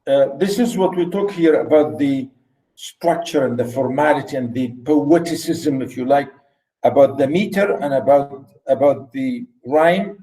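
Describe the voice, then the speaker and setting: A man giving a classroom poetry lecture, halting with many fillers and restarts, counting syllables and rhymes aloud. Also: mid-range voice, warm tone, low-quality recording. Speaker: literature lecturer. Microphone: recorded lecture.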